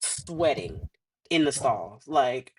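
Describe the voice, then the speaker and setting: Lively low-voiced woman telling a story. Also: slow pace, a little hiss or hum. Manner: animated, laughs often, acts out what others said. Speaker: podcast guest. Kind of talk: casual storytelling.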